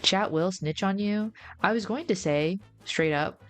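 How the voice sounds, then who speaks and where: A woman's voice: mid-range voice, a little slow, faint music behind. A young woman streamer chatting casually to her viewers in a playful, rambling way.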